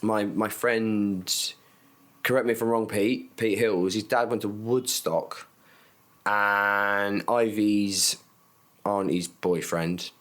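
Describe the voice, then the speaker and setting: A man's voice: lowish voice, slow pace. A man, co-hosting a casual podcast chat, telling long rambling stories full of restarts and swearing. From England. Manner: rambling, animated storyteller with many restarts; swears freely. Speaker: podcast co-host.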